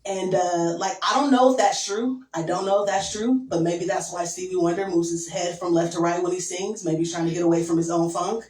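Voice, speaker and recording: A young woman doing a stand-up set, crude and deadpan, with lots of "um" and "like". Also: fairly low pitch, a little fast, few pauses. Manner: crude, deadpan, filler-heavy. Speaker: stand-up comedian. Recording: echoey room from far off.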